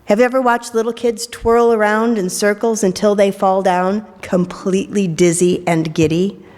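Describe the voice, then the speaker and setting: Her voice is mid-range and a little mellow, steady in tone and moderate in pace. The speaker, a middle-aged woman minister, gives a worship sermon in a church sanctuary with a playful streak and joking asides, captured with a large hall's long reverb.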